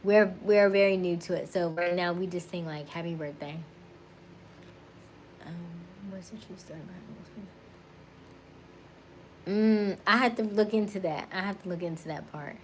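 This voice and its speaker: With a slight hiss or hum in the audio, a Florida woman in her thirties hosts a laid-back livestream in her Florida accent, going through viewer comments, laughing frequently and greeting viewers by name. Her voice is on the low side, at a moderate pace with frequent pauses.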